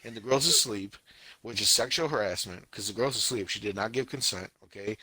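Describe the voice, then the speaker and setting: A man co-hosting a casual podcast, retelling scenes in an animated, exaggerated way with lots of restarts and filler words. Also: fairly low pitch, a little fast, low-quality recording. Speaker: podcast co-host. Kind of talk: casual chat about anime.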